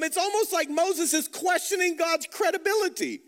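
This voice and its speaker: A man's voice: very high voice, moderate pace, few pauses, fairly bright tone, in a large hall. A man preaching a sermon as a pastor, passionate and repeating words as he builds his points.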